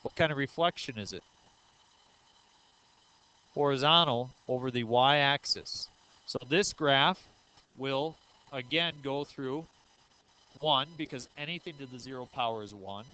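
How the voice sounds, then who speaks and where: A man's voice: medium pitch, measured pace, pauses often, sharp tone, clean tone, low-quality recording. A man in his thirties giving a recorded math lecture, explaining step by step and asking the class questions, with frequent 'uh' and 'um'. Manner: says 'uh' and 'um' often. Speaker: math teacher.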